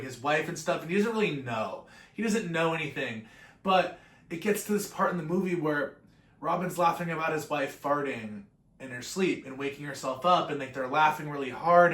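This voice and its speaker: A man's voice: medium pitch, echoey room. A man in his twenties giving a rambling, profane vlog intro full of tangents. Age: 20s. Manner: tangent-prone, profane, animated. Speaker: vlogger.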